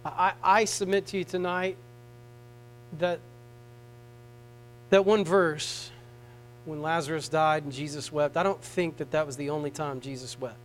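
A man with a high voice preaching a sermon. He drops to hushed, tender tones, then rises to raised, pleading appeals. A faint mains hum runs under the recording. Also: steady tone, measured pace, long pauses, rough recording.

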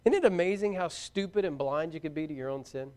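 A middle-aged man preaching a sermon to young people, fervent and shouting out his exhortations. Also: fairly high pitch, smooth.

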